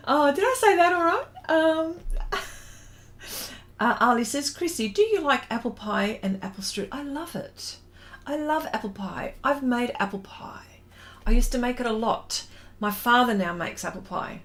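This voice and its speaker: A woman's voice: fairly high pitch, lively intonation. An Australian woman hosting a drawing livestream, chatting casually, reading viewer comments aloud and laughing often. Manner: slow, unhurried and thinking aloud while drawing.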